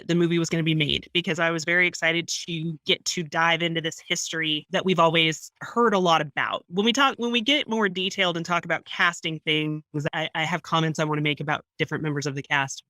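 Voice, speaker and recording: An American woman talking films on a podcast, chatty and wry. Her voice is bright and clear, recorded dry and close. She rambles easily, with some mock outrage. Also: fairly low pitch, dry recording. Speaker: podcast guest. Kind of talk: casual movie review chat.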